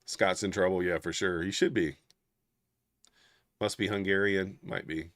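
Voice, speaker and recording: A man's voice: low-pitched, steady tone, unhurried, a bit bright, no room sound, clean studio sound. A man hosting a live trading stream, thinking aloud in casual, half-murmured commentary. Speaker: trading livestream host.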